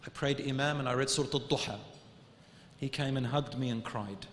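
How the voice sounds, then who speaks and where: A man's voice: mid-range voice, brisk, slight background noise. Man preaching in an echoey hall. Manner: earnest, swings between loud urging and hushed quiet; sprinkles Arabic religious phrases. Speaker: Islamic preacher. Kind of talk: emotional sermon storytelling.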